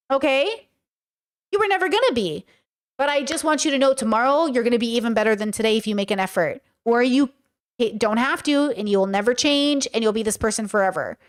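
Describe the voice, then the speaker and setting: A woman hosting a casual reaction commentary, talking bluntly and emphatically with a lot of swearing. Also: high-pitched. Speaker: commentary host.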